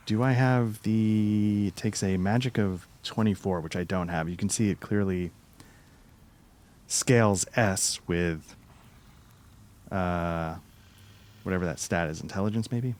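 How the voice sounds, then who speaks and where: A man's voice: sits low, unhurried, long pauses, a little mellow. A man giving casual gameplay commentary, thinking aloud and trailing off as he plays. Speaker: let's play gamer.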